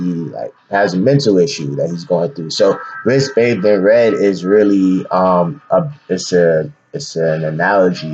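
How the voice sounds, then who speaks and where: Deep-voiced man talking slowly and loosely. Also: a little mellow, highs cut off. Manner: slow, rambling, loose slangy talk with many fillers. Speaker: independent filmmaker. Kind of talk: casual explanation of his film.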